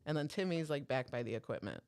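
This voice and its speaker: A woman's voice: sits low, fast talker. A woman co-hosting a podcast, telling a story in casual chat, swearing freely and acting out what each person said. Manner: animated, swearing, acts out dialogue. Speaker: podcast co-host.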